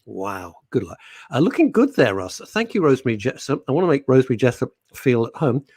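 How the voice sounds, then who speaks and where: A man's voice: mid-range voice, sing-song, fast, darkish tone, slightly rough, no room sound. A middle-aged man, hosting live talk radio and reading out listener comments in a playful, teasing way. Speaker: radio show host.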